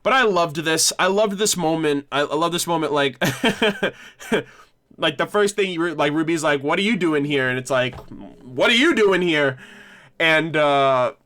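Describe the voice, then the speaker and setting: A man's voice: a little high, measured pace, fairly bright tone. A man hosting a casual livestream discussion, rambling and correcting himself with frequent laughs. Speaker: livestream host.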